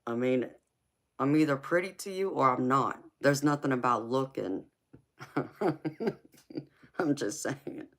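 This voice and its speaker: Speaking a little slowly in a bass voice with long pauses, a middle-aged woman from California, who has a Southern accent, hosts a livestream as a tarot reader. She reads viewer comments, laughs often, and addresses people as honey and sweetheart.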